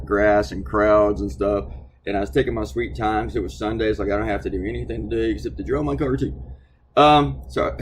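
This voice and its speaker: A man, a cartoonist, chatting casually in a rambling, animated way, with lots of fillers and the odd swear word. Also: on the low side, slight background noise. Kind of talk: casual chatty video diary.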